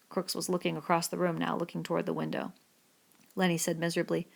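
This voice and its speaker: A woman narrating a novel chapter in a plain, even storytelling manner for an audiobook. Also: lowish voice, quick pace, gravelly. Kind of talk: scripted narration.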